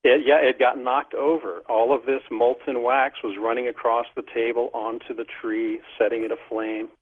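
Heard through a tinny phone connection, a middle-aged man with a mid-range voice recounts a casual story as an interview guest. He speaks at normal speed in a level tone, though he's animated and keeps laughing.

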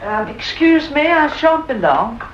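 A young fortune teller with a soft Cockney voice and an air of mystery. Her pitch moves freely. It sounds like a dull, hissy old radio drama. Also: sing-song, a little slow. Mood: smooth, polite. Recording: lo-fi old radio recording with background hiss.

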